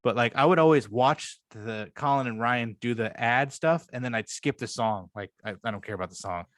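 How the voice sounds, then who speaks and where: A podcast co-host, male, talks casually about his favorite comedy show, swearing a lot and wandering off on tangents in an eager retelling. He has a mid-range voice at a moderate pace, recorded at studio quality with no room sound.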